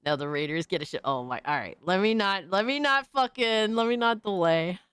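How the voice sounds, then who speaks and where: A woman livestreamer in casual, profane chat, excitably reacting to videos and thanking viewers by name. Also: medium pitch, a little fast, clear, resonant tone, dry recording.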